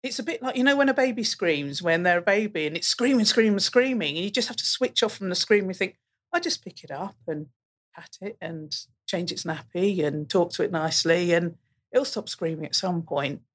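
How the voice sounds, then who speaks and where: A woman's voice: lowish voice, fairly quick. A middle-aged woman, a college teacher and guest on a podcast, talks casually and acts out her students' replies as she tells classroom stories. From England. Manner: animated storytelling, acting out pupils' replies.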